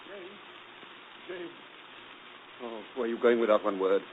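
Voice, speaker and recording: A brooding, passionate gentleman in a 1940s radio drama, speaking in an ardent, intense voice that sometimes drops to a hushed plea. The voice comes through a muffled old broadcast with steady hiss. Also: mid-range voice, slow. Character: brooding gentleman employer Rochester, passionate and tormented.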